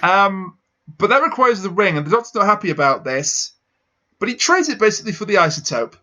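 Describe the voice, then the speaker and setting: A man's voice: high-pitched, big pitch swings, brisk, bright, forceful tone. A man co-hosting a casual review chat, stumbling over his words and laughing while recapping. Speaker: podcast co-host.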